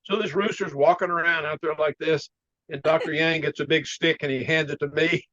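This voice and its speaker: A man telling a story in a casual interview, animated and laughing often, clearing his throat now and then. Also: a little high, brisk, highs cut off. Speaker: martial arts teacher, interview guest.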